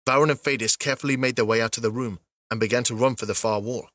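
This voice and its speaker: A man narrating a fantasy story as an audiobook, steady and even. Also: mid-range voice, fast, no echo, clean studio sound.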